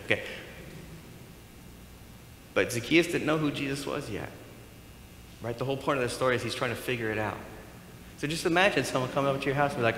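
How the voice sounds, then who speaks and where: A man preaching a sermon as pastor, animated and playful, acting out bits of dialogue. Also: mid-range voice, a little fast, long pauses, slight background noise. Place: church sanctuary. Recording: echoey hall with faint room ambience.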